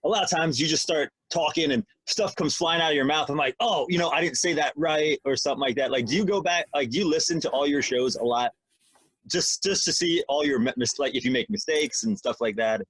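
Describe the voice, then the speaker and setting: A man's voice: fairly high pitch, fairly quick, fairly bright tone, slightly rough, dry recording. A man co-hosting a podcast in casual chat, rambling and joking as he talks. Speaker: podcast co-host.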